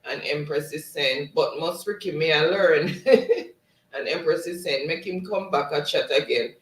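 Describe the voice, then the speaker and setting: A man with a slightly high voice hosts a live stream, reading viewer comments aloud in a casual, laughing way. He sounds set back from the microphone in a roomy space. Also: measured pace, a bit bright. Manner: laughs often, reads chat aloud. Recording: roomy, distant mic.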